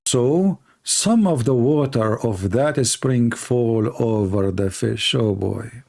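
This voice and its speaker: A man hosting a livestream delivers sarcastic, jokey, repetitive mocking commentary in grammar typical of a non-native English speaker. His mid-range voice is slow, slightly mellow and has vocal fry.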